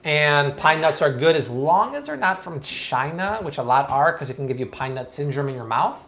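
A man's voice: on the high side, big pitch swings, normal speed, a bit bright. A man hosting a live cooking stream from a home kitchen, enthusiastic and exclamatory. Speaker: cooking show host.

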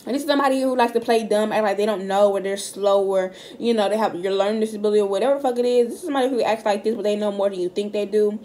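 A woman's voice: mid-range voice, racing, few pauses, mellow, a little hiss or hum. A woman giving a casual tarot reading straight to camera. She is blunt and profane and talks directly to her viewers. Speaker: tarot card reader. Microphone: camera mic.

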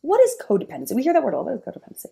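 A woman vlogger speaks straight to her viewers about dating and relationships. Her voice sits on the higher side and swings widely in pitch. She talks emphatically and holds firm opinions. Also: wildly swooping pitch, rapid-fire, vocal fry, dark tone. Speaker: vlogger giving dating advice. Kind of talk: monologue to camera.

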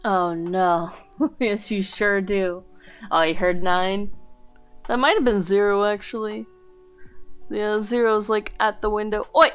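A woman chats at an easy, slow pace while drawing live on stream. She coos affectionately at her pets between remarks, her pitch sitting in a middle range. Faint music plays quietly under her voice. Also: fairly even intonation, smooth. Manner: chatty, coos and baby-talks to her pets. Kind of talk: casual chat while drawing.

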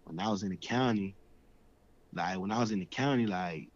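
A man's voice: deep voice, moderate pace. A young man in his twenties, a guest in an interview, telling his story in slangy, streetwise casual talk. The recording sounds dull and lo-fi.

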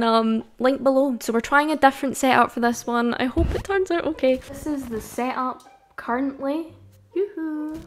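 A young Scottish woman chatting in a casual unboxing vlog, excitable, gushing and rambling as she talks. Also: fairly high pitch. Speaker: YouTuber.

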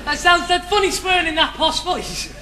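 A man's voice: extremely high pitch, sing-song, moderate pace, a little hiss or hum, full character voice. An actor playing a cheeky, self-mocking working-class teenage boy in a stage musical, singing and talking wistfully. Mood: awkward. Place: theatre stage. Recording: roomy live theatre recording with loud music.

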